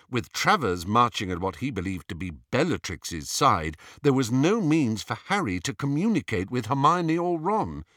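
A man reading a story aloud as an audiobook narrator, measured and expressive, voicing the characters as he goes. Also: lowish voice, no echo, studio quality.

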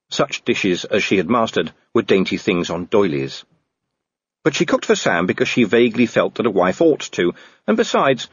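A man reading fantasy fiction aloud as an audiobook narrator, wry and measured, on a slightly dull, dry recording. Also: fairly low pitch, husky, no echo.

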